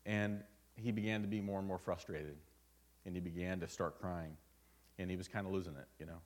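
A man's voice: sits low, steady tone, brisk, a little mellow. A man preaching a sermon at a church service, telling a personal story in an earnest, conversational way. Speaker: pastor.

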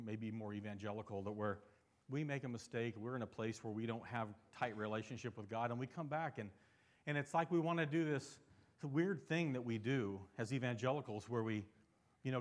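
Pastor guy preaching, chatty, mid pitch, gets loud and excited then drops soft and serious. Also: brisk. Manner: conversational preaching with frequent rhetorical questions; swings between animated emphasis and soft, low earnest passages. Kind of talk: sermon.

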